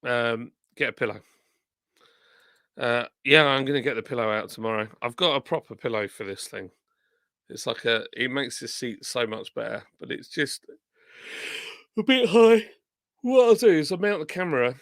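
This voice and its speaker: A man's voice: medium pitch, lively intonation, normal speed, a bit bright, no room sound, studio quality. A tired man, streaming live and reading viewer comments aloud in a rambling, self-deprecating, chatty way.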